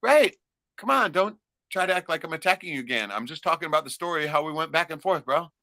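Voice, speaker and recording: A middle-aged man rants on his livestream, profane and rowdy after a few beers. His voice is bright and cutting, and his pitch swings all over. The sound is dry and close. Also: expressive, quick pace, no room sound. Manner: profane, rowdy, loud ranting. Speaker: livestream host. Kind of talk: casual livestream rant.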